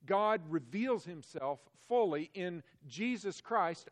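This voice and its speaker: A male pastor delivering a Sunday sermon in a mid-range voice. He preaches with emphasis, pushing louder on the key words and sinking to a hush elsewhere. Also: unhurried. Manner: emphatic preaching, swelling louder on key phrases and dropping low on others.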